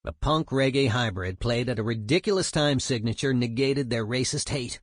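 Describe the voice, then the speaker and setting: A man's voice: medium pitch, moderate pace, no room sound, clean studio sound, close to an everyday voice. A man voicing a male music journalist who asks short, probing questions.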